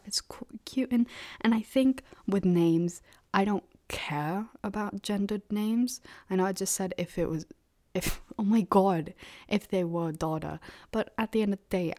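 A woman's voice: medium pitch, dark tone. A young woman hosting a solo podcast, rambling bluntly and sarcastically and often dropping into a half-whisper. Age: young adult. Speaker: podcast host. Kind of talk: casual solo podcast monologue.

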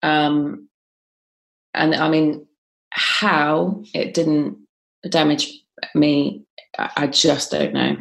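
A woman guest on a podcast telling a personal story in a halting, conversational way, with frequent ums and restarts. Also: sits low, flat delivery, vocal fry.

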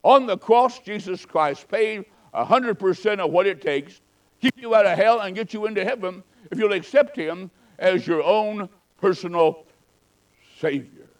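A man preaching a sermon with a higher-pitched voice. He swings between loud, fervent calls and quiet, hushed storytelling, in the manner of a travelling evangelist. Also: normal speed, low-quality recording.

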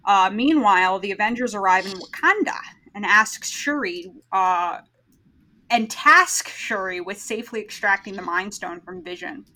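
Bright-voiced woman ranting bluntly. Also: mid-range voice, expressive, normal speed, rough recording. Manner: blunt, opinionated, swears freely. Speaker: podcast host. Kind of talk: casual chat, recapping a film.

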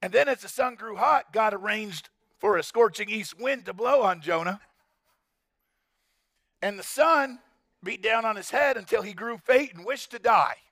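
A man preaching a sermon in a conversational, animated way, often putting rhetorical questions to his congregation. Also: sits high, a little slow, no echo, studio quality. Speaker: pastor.

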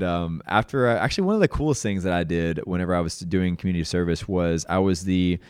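Deep-voiced man telling a story casually. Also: clean tone, no room sound, studio quality. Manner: laid-back, self-mocking, says "dude" a lot. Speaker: podcast host sharing his testimony.

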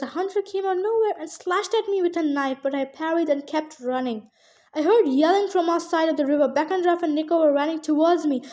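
A woman with a high voice reading a first-person novel aloud. She reads expressively and speeds up or slows down with the action. Her delivery is steady narration rather than a performance. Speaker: audiobook reader.

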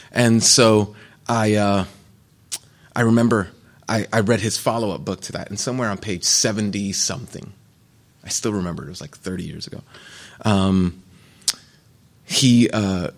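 Gravelly low-voiced man giving testimony. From United States. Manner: candid, conversational, loose storytelling. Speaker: retreat speaker. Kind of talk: personal testimony talk.

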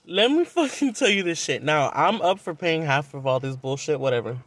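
A man's voice: a little high, animated, fairly quick, fairly bright tone, dry recording. A young man from Southern California, telling a dating story on a podcast in a blunt, profane, casual way. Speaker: podcast host.

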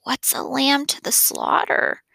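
A woman reading the part of a shy, anxious young boy in a soft, half-whispered voice. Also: high voice, big pitch swings, unhurried, vocal fry, no room sound, studio quality, voice pushed up, heavily acted. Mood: anxious, pleading.

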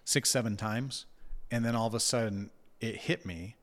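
A man in his thirties telling a personal story in casual conversation, reflective and halting, with many fillers and restarts. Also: lowish voice, fairly even intonation. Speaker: guest recounting an experience.

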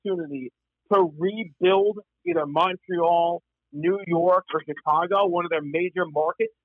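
A man's voice: high voice, dry recording, phone-quality sound. A man talking hockey in a casual panel chat, stumbling and restarting as he argues his points. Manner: halting, many restarts.

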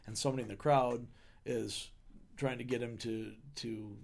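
A man who is a pastor, talking through a Bible passage in a relaxed podcast chat and reading verses aloud with playful paraphrase. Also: medium pitch, moderate pace, creaky. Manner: conversational, reads scripture with playful paraphrase. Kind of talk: podcast sermon discussion.

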